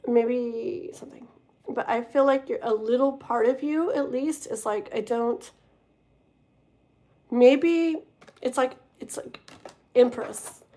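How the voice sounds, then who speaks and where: A woman's voice: fairly high pitch, slow pace, long pauses, warm tone. A woman doing a live-stream tarot reading, talking straight to the viewer, rambling and stumbling over her words. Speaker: tarot reader.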